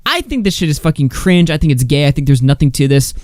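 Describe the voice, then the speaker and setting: A young podcast host rants heatedly on his talk show in an expressive, quick, darkish voice, swearing constantly and mocking others in high, whiny voices. The studio-quality recording has no echo.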